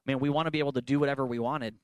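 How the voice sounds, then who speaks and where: A man's voice: mid-range voice, steady tone, very fast, smooth, no room sound, lo-fi sound. A man, a pastor, giving an earnest and emphatic sermon-style talk in a church worship center, with playful asides.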